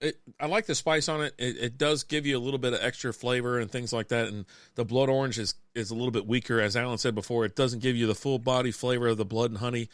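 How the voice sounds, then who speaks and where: A man's voice: mid-range voice, steady tone, fast talker, hardly any pauses, fairly bright tone, no echo. A man from Texas co-hosting a casual beer podcast, telling stories with frequent laughter and plenty of swearing. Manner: laughs often while storytelling, swears freely. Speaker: podcast co-host. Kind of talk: casual chat over beers.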